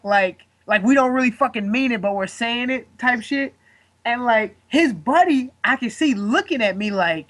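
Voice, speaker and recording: A man's voice: high-pitched, normal speed, bright, forceful tone. A man in his twenties, a guest fighter, telling a story in casual chat, rambling and swearing with lots of fillers.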